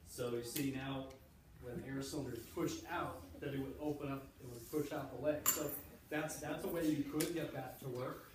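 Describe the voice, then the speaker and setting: A guest speaker with a mid-range voice, fairly even intonation and a moderate pace, this male electrical engineer patiently and casually explains things to children, often restarting and filling gaps. The school library setting sounds echoey and distant, with a noisy background.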